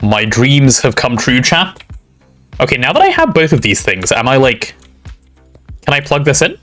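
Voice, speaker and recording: A man's voice: medium pitch, wildly swooping pitch, normal speed, a bit bright, faint music behind. A man, streaming a game and chatting casually with a friend. He teases and mutters to himself as he plays. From Britain. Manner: playful, teasing, mutters while playing. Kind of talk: casual gaming stream chat.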